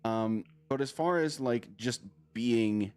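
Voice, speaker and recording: A man narrating a tabletop game as game master, loud and excitable, often breaking into laughter. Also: medium pitch, takes it slowly, smooth.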